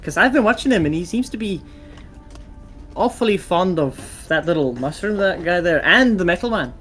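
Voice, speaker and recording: A man's voice: sits high, expressive, normal speed, fairly bright tone, faint music behind, voice pushed up. A man voicing an odd scavenging female companion in a put-on Scottish accent. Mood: conspiratorial. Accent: mock Scottish.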